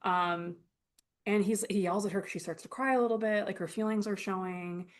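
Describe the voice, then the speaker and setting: A woman's voice: medium pitch, a little fast. A young woman co-hosting a podcast, recapping a film in casual chat and acting out lines from its scenes. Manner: animated retelling, quoting scenes in character. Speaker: podcast co-host.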